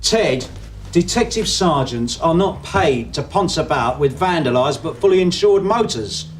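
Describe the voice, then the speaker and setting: An actor playing a sardonic, bossy police detective in a TV police drama, needling a colleague. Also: male voice, fairly high pitch, lively intonation, measured pace, slight background noise. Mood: sarcastic. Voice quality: sarcastic, needling.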